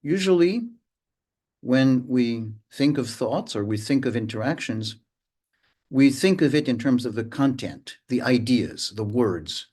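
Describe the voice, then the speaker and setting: A man giving a reflective mindfulness lesson, taking frequent pauses between phrases. His voice sits at a middling pitch, and he sometimes hums or sounds out rhythms to make a point. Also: animated, darkish tone, breathy edge. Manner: unhurried, pauses often, hums and vocalizes rhythms to illustrate. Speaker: mindfulness teacher.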